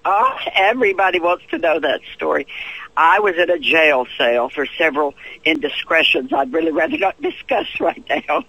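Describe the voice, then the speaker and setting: A man's voice: a little high, normal speed, husky, poor audio. A man in his fifties from Tennessee with a Southern accent, a guest in an interview, telling stories animatedly and acting out other people's voices. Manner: acts out quoted voices with lively swoops.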